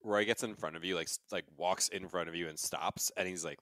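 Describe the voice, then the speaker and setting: A man's voice: sits low, fairly even intonation, a little fast, hardly any pauses, a bit bright, no room sound, clean studio sound. A man co-hosting a podcast and playing a tabletop game, in a chatty way with many fillers. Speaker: podcast co-host, player.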